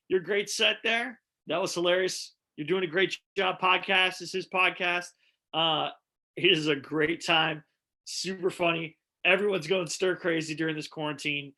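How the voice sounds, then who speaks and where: Bright-voiced man hosting a comedy show. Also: high voice. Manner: upbeat, chatty introductions. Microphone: video call.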